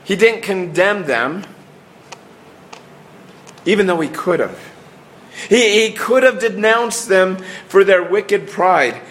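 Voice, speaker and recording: Earnestly preaching, a middle-aged man speaks in a high, fairly bright voice over a little hiss or hum. His phrases frequently restart or trail away into falling pauses.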